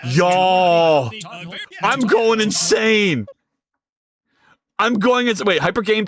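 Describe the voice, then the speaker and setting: A man's voice: high voice, expressive, extremely slow, pauses often, fairly bright tone, a little hiss or hum. A man streaming his game development live, talking to chat in a frantic, exclaiming way with a lot of swearing.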